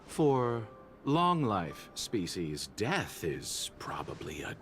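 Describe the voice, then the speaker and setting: A suave merchant in a game cutscene, courteous and faintly amused. His lowish voice swoops widely in pitch as he takes his time, with music behind. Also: wildly swooping pitch, takes it slowly, heavily acted. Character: suave polite male merchant carrying a coffin. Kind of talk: video game cutscene dialogue.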